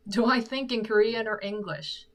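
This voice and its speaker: A woman's voice: on the high side, normal speed. A woman with an American accent hosting a casual livestream Q&A from her room at home, chatty and self-deprecating, speaking into a sock-covered microphone. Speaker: singer and livestream host.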